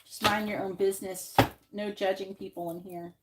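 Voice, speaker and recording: At a moderate pace, a woman with a mid-range voice and level tone reads tarot live, talking bluntly and swearing without restraint. She repeats her questions repeatedly while shuffling, and the stream carries loud background noise.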